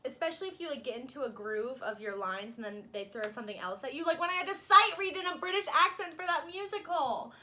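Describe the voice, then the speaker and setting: A young woman with a high, bright, sharp voice co-hosts a casual chat vlog. She tells her stories animatedly, leaning on "like" and laughing often. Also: fast, hardly any pauses. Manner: animated storyteller, many "like" fillers, laughs often. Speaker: co-host.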